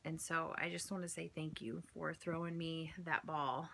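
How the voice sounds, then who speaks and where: Low creaky-voiced woman, reflective. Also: flat delivery, moderate pace, hardly any pauses, noisy background. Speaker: daughter. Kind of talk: heartfelt thank-you message.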